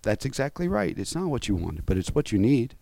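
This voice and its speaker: This is God as a patient father who knows better, answering with calm certainty. The voice stays plain, everyday and close. A man acts him out in the middle of a sermon. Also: medium pitch, a little fast, vocal fry, dry recording. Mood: gently wry.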